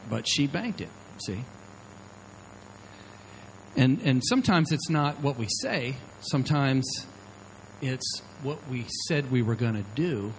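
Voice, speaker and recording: A man's voice: mid-range voice, slight background noise, rough recording. A man preaching to a live audience into a handheld microphone, acting out the people in his stories. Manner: animated, acts out quotes of the people in his stories. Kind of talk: sermon storytelling to a live audience.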